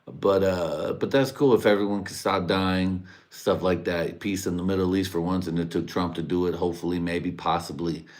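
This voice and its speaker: Very deep-voiced man ranting crudely. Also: fairly even intonation, moderate pace, hardly any pauses. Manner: rambling, crude, laughs at own jokes. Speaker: livestream host. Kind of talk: casual profane livestream rant.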